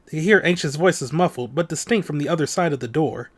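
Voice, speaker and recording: A man's voice: fairly high pitch, fast talker, few pauses, husky. A man hosting a let's play, reading a visual novel's text aloud in a dramatic voice and dropping in casual comments. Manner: dramatic read-aloud broken by offhand comments.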